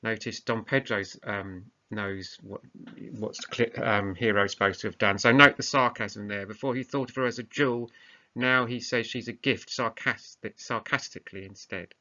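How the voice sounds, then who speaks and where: A man's voice: lowish voice, steady tone, normal speed, bright, forceful tone. A male teacher giving a recorded lesson, explaining tasks plainly and often hesitantly. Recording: muffled lo-fi recording.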